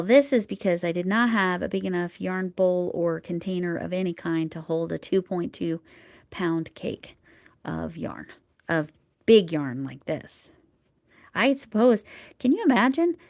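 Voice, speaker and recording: A woman hosting a crochet livestream at home, chatting casually as she works and murmuring soft whispered asides to herself. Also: fairly low pitch, a little slow, vocal fry, dry recording. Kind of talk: casual live chat while crocheting.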